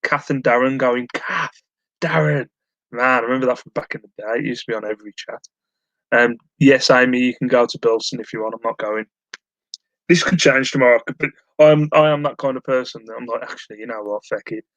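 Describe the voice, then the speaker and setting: Male live-streamer, mid pitch, rambling and self-mocking, answering chat at home, dry close sound. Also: fairly even intonation, brisk, fairly bright tone, dry recording, lo-fi sound. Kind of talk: casual chat while reading live chat.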